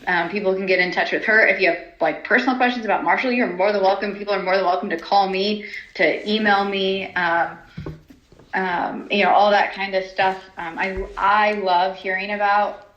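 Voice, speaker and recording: A woman's voice: mid-range voice, steady tone, moderate pace, fairly bright tone. A woman, a horse trainer talking in a casual interview, chatty, laughing often, with many ums and restarts. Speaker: horse trainer and stallion owner. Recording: roomy, slightly dull sound.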